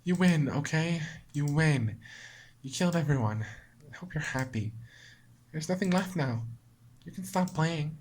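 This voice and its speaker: A man's voice: sits high, unhurried, pauses often, a little hiss or hum, pitched above the performer's own voice. A man reading out the lines of a heartbroken young female game character, pleading and wounded.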